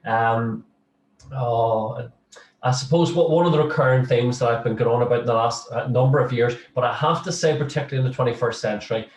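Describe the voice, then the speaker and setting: A man's voice: mid-range voice, a little fast, slight background noise. Male lecturer, middle-aged, chatty and joking, recorded with a distant mic in an echoey room. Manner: chatty and humorous, with frequent restarts. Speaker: social work lecturer. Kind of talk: casual interview chat.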